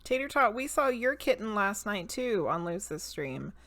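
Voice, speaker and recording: Slow-talking woman streamer doing readings. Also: medium pitch, very animated, a bit bright, no room sound. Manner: laughs often, greets chat by name. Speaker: psychic medium and tarot reader streamer. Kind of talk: casual live-stream chat and card reading.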